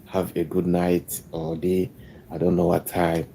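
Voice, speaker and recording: A man's voice: low voice, monotone, vocal fry, dark tone, slight background noise. A man calling in to a live stream, hesitantly signing off. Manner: halting, hesitant. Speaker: caller. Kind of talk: casual sign-off.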